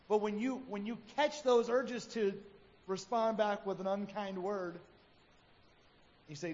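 A man's voice: high-pitched, moderate pace, pauses often. A man preaching a sermon in a conversational way, acting out the quotes in his stories. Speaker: pastor. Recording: hall reverb, dull lo-fi sound, faint noise.

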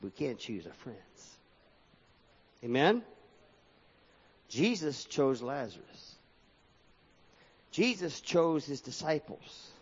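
A man's voice: medium pitch, big pitch swings, slow, pauses often, breathy edge. A man preaching a sermon with a sing-song cadence that swings up and down, reading scripture aloud in a church hall. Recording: dull lo-fi sound with long hall reverb.

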